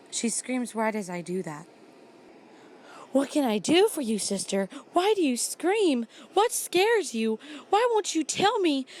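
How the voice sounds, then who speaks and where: A woman's voice: mid-range voice, slight background noise. A young woman vlogger telling spooky stories while she does her makeup, talking in a casual, blunt way and swearing now and then.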